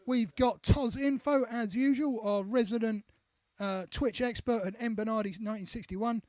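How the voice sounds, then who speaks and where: Male co-host, very high voice, chatty comment-reader, dry close mic. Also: fairly even intonation, moderate pace, darkish tone, dry recording. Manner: chatty, reads out names with asides. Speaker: co-host reading viewer comments. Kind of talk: casual live-stream chat.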